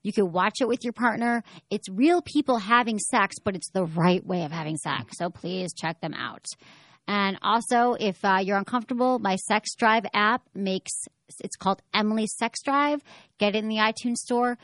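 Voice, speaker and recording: A woman's voice: mid-range voice, normal speed, fairly bright tone, no echo, studio quality. A woman hosting a sex-advice talk show, talking frankly and chattily and acting out little voices as she goes. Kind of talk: casual radio-style chat.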